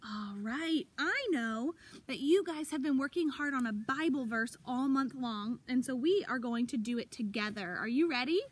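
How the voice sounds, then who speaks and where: Woman, preschool teacher, high voice, animated, encouraging, talking to small kids, outdoors. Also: normal speed. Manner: animated, encouraging, speaks to young children. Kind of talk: child-directed circle time lesson.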